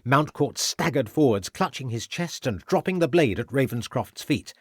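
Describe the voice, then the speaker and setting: A man narrating a mystery audiobook in an even, steady reading voice on a close studio mic. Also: medium pitch, normal speed, slightly rough, dry recording. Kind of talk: scripted narration.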